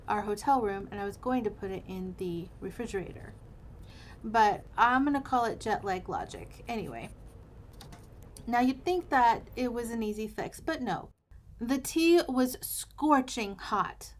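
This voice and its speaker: Brief: American woman, journaling host, higher-pitched voice, chatty and wry storyteller. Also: slight background noise. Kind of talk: casual storytime while journaling.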